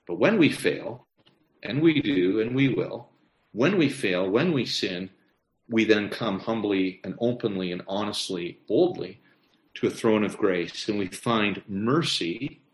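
A man preaching a sermon in a conversational way, repeating phrases and asking the listeners questions. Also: fairly low pitch. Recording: echoey room.

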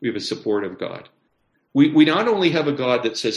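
Male preacher, mid-pitched voice, talks in a conversational way and asks the room questions, echoey room. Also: very animated, a little fast. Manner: conversational preaching with repeated phrases and rhetorical questions. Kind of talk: sermon.

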